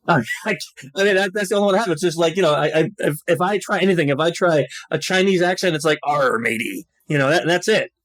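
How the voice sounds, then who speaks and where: A man hosting a podcast in casual chat, easygoing and quick to laugh. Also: high voice, a bit bright. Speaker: podcast host.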